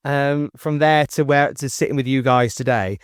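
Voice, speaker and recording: A man's voice: normal speed, smooth, no room sound, studio quality. A man, chatting as a podcast guest, telling rambling stories full of restarts. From England. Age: 40s. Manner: animated storyteller, jumps up in pitch for quoted voices. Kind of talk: casual chat.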